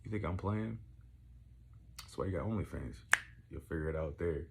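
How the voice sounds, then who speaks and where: A young man telling rambling, profane stories in casual chat, getting excitable as he goes. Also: low voice, moderate pace, vocal fry, heavy background noise. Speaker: podcast host. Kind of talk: casual storytelling.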